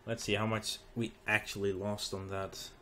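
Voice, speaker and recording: Tired male let's play host, lowish voice, thinks out loud with ums over a soft hiss. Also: level tone. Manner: musing aloud, halting with ums and restarts. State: tired, recording late at night. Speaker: gaming channel host.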